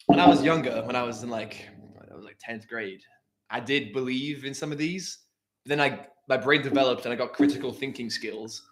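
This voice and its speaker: A man's voice: mid-range voice, moderate pace, fairly bright tone. A young man, a college student, chatting casually with his father on a live stream, self-deprecating and jokey. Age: young adult. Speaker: host's son.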